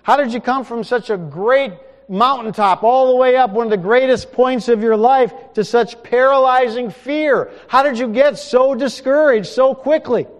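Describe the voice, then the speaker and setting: A man's voice: very high voice, moderate pace, hardly any pauses, voice pushed up. A man playing God in a sermon, voicing a stern and urgent divine figure who fires questions and orders. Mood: rebuking. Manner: pressing rhetorical questions. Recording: echoey hall with long reverb.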